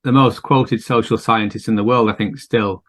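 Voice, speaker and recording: A man's voice: lowish voice, steady tone, normal speed. A man hosting a podcast, chatting casually in a thoughtful, musing way with frequent fillers. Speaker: podcast host. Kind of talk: casual conversation.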